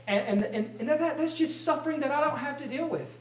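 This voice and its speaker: A pastor with a high-pitched voice delivers an emphatic sermon, stumbling over repeated words as he drives each point home. His voice rings through a roomy church sanctuary, picked up from a distance, with a clear echo around it. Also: brisk, hardly any pauses. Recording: roomy sound from a distant mic.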